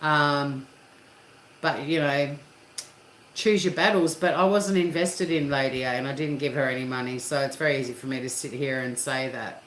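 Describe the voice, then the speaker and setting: A woman's voice: rumbling low, normal speed. A woman hosting a casual live chat with viewers, talking candidly and swearing freely. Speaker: livestream host. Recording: echoey room with faint hum.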